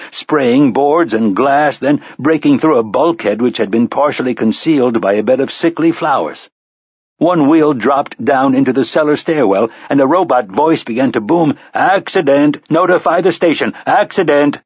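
A man's voice: medium pitch, a little mellow, breathy edge, no room sound, muffled recording. A man narrating an audiobook with dramatic storytelling and varied emphasis. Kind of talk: scripted narration.

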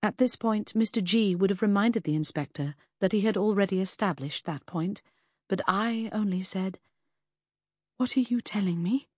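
A woman reading a first-person audiobook in an expressive, lively storytelling manner, voicing the characters. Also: mid-range voice, moderate pace, dry recording, clean studio sound. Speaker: audiobook narrator.

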